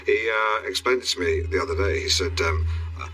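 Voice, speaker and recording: A man's voice: on the low side, a little fast, sharp tone. A middle-aged man hosting a local radio show, pompous and rambling, with awkward restarts. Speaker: radio presenter.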